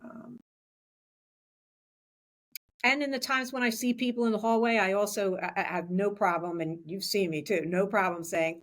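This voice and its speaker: A woman's voice: mid-range voice, lively intonation, measured pace. A woman in her sixties, a school superintendent, talking in a chatty way with many restarts in a podcast interview. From Philadelphia area, USA.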